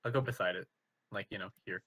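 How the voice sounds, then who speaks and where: A man's voice: lowish voice, fast talker, a bit bright, slight background noise. A man playing a tabletop game, giggling often and rambling with fillers as he explains his plans. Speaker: player. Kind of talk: casual chat at a game table.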